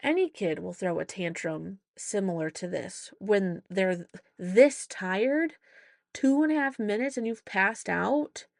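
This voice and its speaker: A woman's voice: medium pitch, unhurried, gravelly, no echo, clean studio sound. A woman hosting a casual storytelling podcast, chatty as she recounts her week and acts out the voices in her anecdotes. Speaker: podcast host; mother.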